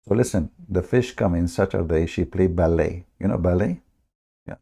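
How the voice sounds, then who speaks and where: A man's voice: sits low, normal speed, gravelly, mellow, husky. A man hosting a live stream, talking in a sarcastic, mocking way and often laughing.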